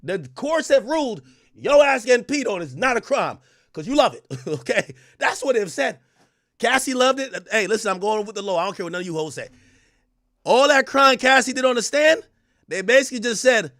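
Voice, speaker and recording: A man's voice: very high-pitched, expressive, fairly quick, fairly bright tone, dry recording, clean studio sound. A man hosting a livestream, giving profane, joking commentary and laughing often. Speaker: livestream host. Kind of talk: comedic legal commentary stream.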